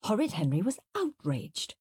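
Husky, animated storyteller woman. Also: medium pitch, moderate pace, no echo, studio quality. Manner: expressive, animated reading. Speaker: narrator. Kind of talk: storybook narration.

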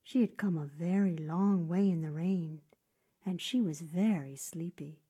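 Woman storyteller, mellow and breathy, reads a fairy tale aloud with hushed, whispery passages. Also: fairly low pitch, measured pace. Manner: soft, often whispery storytelling.

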